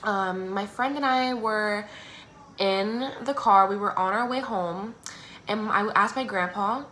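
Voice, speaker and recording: A teenage girl telling a personal story in a casual, chatty way, full of "like" and "um", acting out others in squeaky voices. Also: slow, sharp tone, a little hiss or hum. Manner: acts out others' lines in squeaky exaggerated voices.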